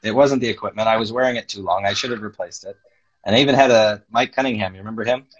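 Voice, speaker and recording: Guy with a low husky voice telling skating stories on a muffled video call, acts out the quotes. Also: quick pace. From North America. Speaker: skating judge and former pair skater. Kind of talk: casual interview chat.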